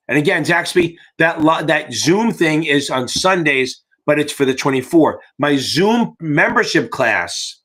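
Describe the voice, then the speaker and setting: Middle-aged man, exam-tutor host, sharp and bright tone, slightly high voice, casual, salty, rambling. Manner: rambling, profane, jokey. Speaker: exam tutor hosting a live Q&A. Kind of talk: casual livestream chat.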